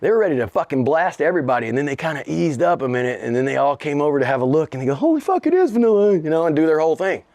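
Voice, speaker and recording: Man, middle-aged, interview guest, profane, laughing, animated storyteller, slightly high voice, dry close sound. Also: very fast, few pauses, no room sound. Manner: profane, laughing, acts out voices in his stories.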